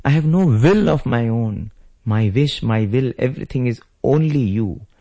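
A man's voice: mid-range voice, moderate pace, warm tone, dull audio, close to an everyday voice. A man voicing a devoted young prince brother who speaks earnestly and emphatically while telling a story in a spiritual discourse. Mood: pleading.

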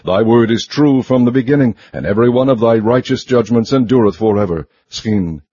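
A man giving a steady, measured scripted scripture reading, recorded slightly muffled and dry. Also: mid-range voice, husky, no echo. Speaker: scripture reader.

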